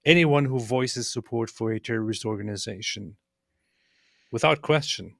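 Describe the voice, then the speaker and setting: Casual male co-host, dry and sardonic, stammers and restarts, mid-pitched, dry close mic. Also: moderate pace, vocal fry, no room sound. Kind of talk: casual political chat.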